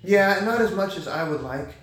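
A young man talking as a guest in a casual conversation, thoughtful and halting, with many fillers and restarts. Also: sits high, animated, a bit bright. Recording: echoey room.

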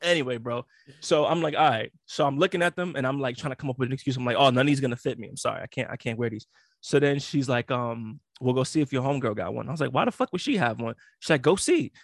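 A young man in casual chat, telling a story in a slangy, animated way and acting out the other people in it. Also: mid-range voice, quick pace, dry recording, clean studio sound. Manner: slangy, animated storytelling with frequent laughs and acted-out quotes.

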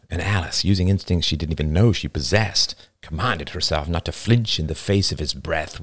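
A man narrating a novel as its author, reading expressively and dramatically. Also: deep voice.

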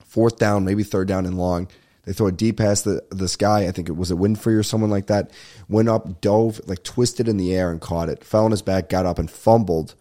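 A young man hosting a casual solo podcast, ranting and telling a story in a profane, rambling, animated way. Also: deep voice, moderate pace. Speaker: podcast host. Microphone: podcast microphone at a desk.

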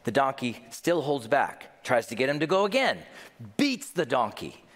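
Animated preaching man, echoing hall. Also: mid-range voice, normal speed. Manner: animated preaching with rhetorical questions; jokes with the congregation. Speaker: pastor. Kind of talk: sermon.

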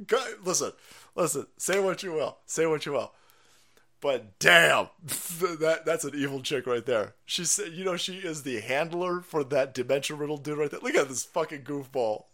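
A man's voice: high voice, fairly bright tone. A man hosting a livestream, ranting in profane, mocking commentary and laughing often. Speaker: livestream host.

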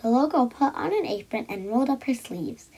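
A woman reads a children's storybook aloud, with a lightly high, breathy voice. She acts out the characters and often drops into soft whispers. The pacing is gentle and playful. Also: brisk, rough recording. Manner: lively, acted character voices with frequent soft whispered asides. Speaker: storyteller reading a children's book.

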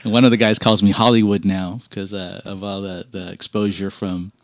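A man's voice: deep voice, moderate pace, no room sound, studio quality. A man on a podcast telling stories about fans and racing, acting out the people he quotes and laughing often. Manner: animated storyteller, acts out quoted voices, laughs often. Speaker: guest racer. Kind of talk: casual podcast chat.

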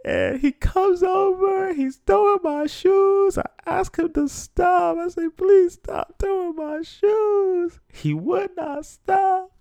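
A man acting out his younger self as a hysterical, sobbing boy at summer camp, wailing in a high voice. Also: slow, creaky, hardly any pauses, darkish tone, no room sound, highs cut off, heavily acted. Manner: wailing, high-pitched, crying out.

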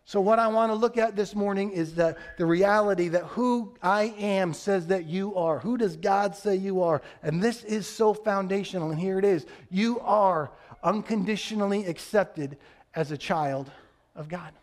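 High-voiced earnest male pastor. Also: normal speed, hardly any pauses, a little mellow. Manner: earnest, emphatic, acts out quoted voices. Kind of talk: sermon.

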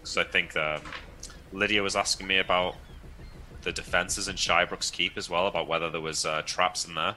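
A man's voice: low-pitched, fairly even intonation, brisk, sharp tone, slight background noise. A man taking part as a player in a tabletop role-play, earnest and hesitant.

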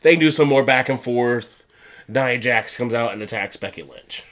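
A man's voice: mid-range voice, a bit bright. Man, co-host, casual recap, stuffy nose from a cold, rambling. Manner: casual rambling recap, quick mocking paraphrase of wrestlers. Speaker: podcast co-host.

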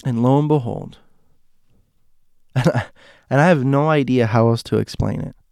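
A man with a gravelly, creaky voice tells a spooky personal story in a casual, conversational way. He stops, restarts and corrects himself as he searches for words. The sound is dry and close. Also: medium pitch, a little mellow, no echo. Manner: halting, self-correcting, conversational.

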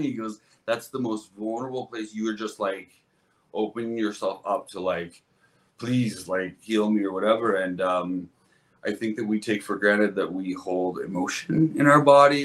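A man sits as a guest on a beauty podcast and talks things through in a loose, heartfelt way. His voice sits a little low, and he circles back on his words often, restarting and hedging as he thinks out loud. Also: fairly even intonation, normal speed. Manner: rambling, earnest, frequent restarts and "like". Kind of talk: casual conversational storytelling.

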